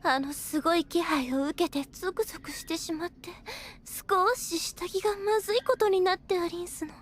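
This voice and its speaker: A woman's voice: extremely high pitch, steady tone. A woman voicing a haughty young vampire girl who bickers in quaint, courtly speech, in an anime clip with music behind. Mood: flustered. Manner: prim, archaic, quick to bicker.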